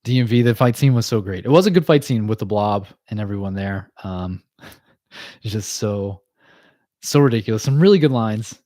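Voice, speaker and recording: A man's voice: fairly low pitch, animated, dark tone, no room sound, studio quality. A man hosting a casual livestream chat, recapping cartoon episodes in a loose, chatty way with frequent laughs and fillers. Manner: chatty, laughs often, many fillers and quick asides. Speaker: podcast host.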